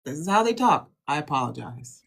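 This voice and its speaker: A woman moderating an online town hall over a video call, talking in an animated, lively way. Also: deep voice, brisk, gravelly, breathy edge.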